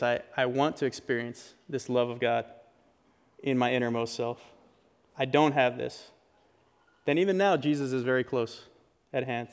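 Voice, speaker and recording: Earnest male pastor preaching in a reverberant sanctuary. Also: mid-range voice. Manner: earnest, conversational preaching with restarts. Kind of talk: sermon. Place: church sanctuary. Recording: long hall reverb.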